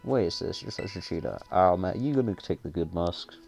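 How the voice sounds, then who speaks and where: A man's voice: deep voice, expressive, normal speed, vocal fry, a little mellow, soft background music. A man reading aloud the lines of a shy, awkward teenage boy from a game, in a plain voice. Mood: whiny.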